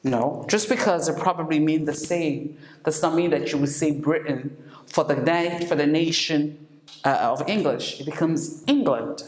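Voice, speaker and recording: A woman teaching an English lesson, repeating each word slowly for learners to follow. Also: deep voice, darkish tone. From not from Senegal. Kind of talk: classroom lesson. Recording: echoey room, faint noise.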